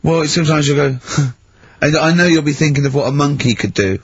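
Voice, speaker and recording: A man's voice: fairly high pitch, brisk, slightly rough, no echo. A man hosting a radio show in a studio, giggly, crude and teasing in his banter. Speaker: radio host. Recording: dull lo-fi radio broadcast.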